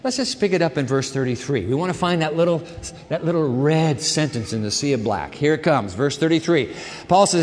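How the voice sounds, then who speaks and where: Male pastor, fairly high voice, emphatic sermon delivery, long hall reverb. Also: animated, normal speed. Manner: emphatic preacher, repeats words, swings between quiet and loud.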